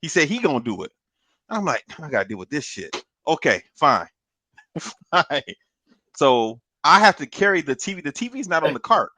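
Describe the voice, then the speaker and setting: Animated bright-voiced man telling a story. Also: on the high side, normal speed, pauses often, no echo. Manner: animated, profane, laughs through his story. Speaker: podcast co-host. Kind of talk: casual storytelling on a podcast.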